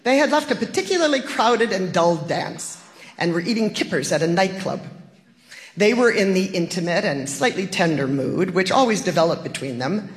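An audiobook narrator reading a literary story in a measured, wry manner, recorded with a long echo. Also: medium pitch, animated. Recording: long echoing reverb.

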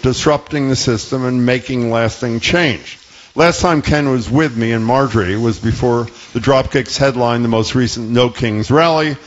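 Male talk-radio host, earnest and probing, slightly dull studio sound. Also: mid-range voice.

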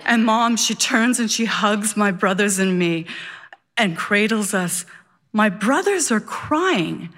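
A woman telling a personal story live on stage, vivid and animated. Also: mid-range voice, takes it slowly. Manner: vivid, animated, childlike wonder.

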